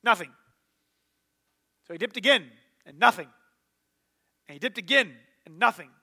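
Bright, high-voiced man preaching casually. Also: moderate pace. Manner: casual, animated retelling with filler words. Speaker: pastor. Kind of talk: sermon storytelling.

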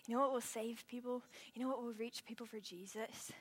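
A young adult woman preaching a youth sermon, lively and casual, shifting from loud storytelling to a hushed, earnest prayer tone. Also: a little high, brisk. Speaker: youth pastor.

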